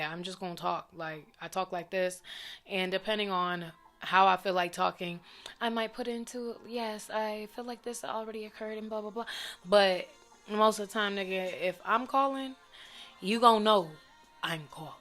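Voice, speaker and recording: A young woman vlogger telling a story to camera in a blunt, profane, animated way. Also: medium pitch, normal speed, faint music behind. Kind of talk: casual storytime rant to camera.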